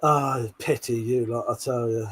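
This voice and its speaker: A British man hosts a live stream, reading viewer comments aloud and teasing the chat, swearing, laughing a lot, and sounding a little tipsy. His medium-pitched voice is fairly even and measured, with a fairly bright, slightly rough tone.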